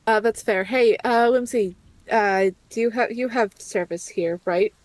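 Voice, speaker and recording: A woman's voice: on the high side, unhurried, no room sound. A woman playing a tabletop game, speaking in a dry, sarcastic way. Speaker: player. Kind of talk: tabletop role-play, in and out of character.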